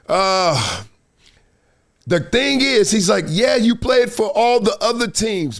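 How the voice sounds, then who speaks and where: A middle-aged man hosts a live sports talk stream in a high, bright register. He tells stories with emphatic energy and acts out the voices of people he quotes. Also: lively intonation, fairly quick. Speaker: host.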